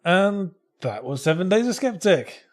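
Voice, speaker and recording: A man's voice: high voice, very animated, a little slow. Dry, wry man commenting on his game. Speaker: game developer doing commentary.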